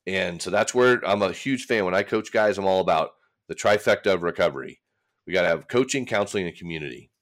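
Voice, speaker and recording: A man's voice: sits low, fairly bright tone. A man, a recovery coach speaking candidly in a casual conversation, rambling and acting out his own inner voices. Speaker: recovery coach, podcast guest.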